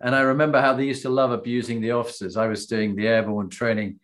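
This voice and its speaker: Man, interview host, lively storyteller, acts out voices, mid pitch. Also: fast. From Britain. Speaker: podcast host, former army officer. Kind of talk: conversational interview, animated storytelling.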